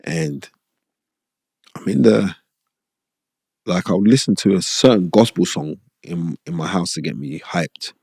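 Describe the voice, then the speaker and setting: With a low, gravelly voice edged with breathiness, a middle-aged podcast host shares boxing stories in an unhurried, conversational way, pausing often. He's animated and emphatic, repeats phrases, and keeps asking "you know what I mean," with no room sound in the recording.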